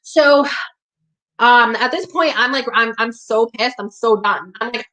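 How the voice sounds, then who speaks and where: A young woman telling a personal story at a community hall, emphatic and profane, acting out her own shouted lines. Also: on the high side, normal speed.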